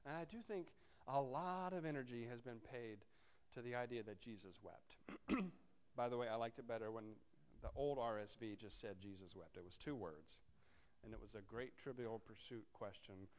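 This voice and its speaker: A man's voice: mid-range voice, moderate pace. Man preaching a conversational sermon. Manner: conversational, wry asides while reading scripture. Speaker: pastor.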